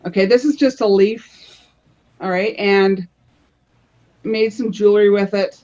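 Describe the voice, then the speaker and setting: A woman's voice: medium pitch, steady tone, measured pace, a little mellow. Chatty woman demoing crafts, muffled audio. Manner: chatty, restarts phrases, explains as she holds things up. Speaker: panel guest showing her crafts. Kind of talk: casual show-and-tell on a live panel show.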